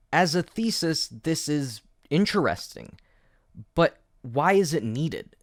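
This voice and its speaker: A man's voice: mid-range voice, no echo, studio quality. A man hosting an educational video essay, explaining history with wry, jokey asides. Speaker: educational YouTube host.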